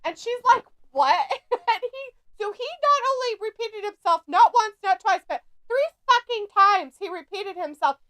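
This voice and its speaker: A woman's voice: very high-pitched, moderate pace, hardly any pauses. An American woman co-hosting a casual livestream chat, telling stories with lots of swearing and frequent laughter. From United States. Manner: profane, laughs often, animated storytelling. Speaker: co-host of a wrestling watch-along stream.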